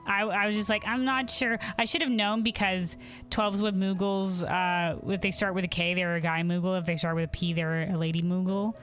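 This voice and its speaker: A woman's voice: fairly low pitch, little pitch movement, fairly quick, fairly bright tone. A young woman streaming a video game, chatting casually; she laughs often, swears, and restarts her sentences as she rambles. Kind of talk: casual live-stream chat.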